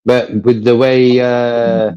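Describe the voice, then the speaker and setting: Male co-host, casual rambling chat, mellow tone, lo-fi muffled audio. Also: mid-range voice, flat delivery, slow, clean tone. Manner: rambling, repeats himself, laughs often. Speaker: co-host of a fan livestream.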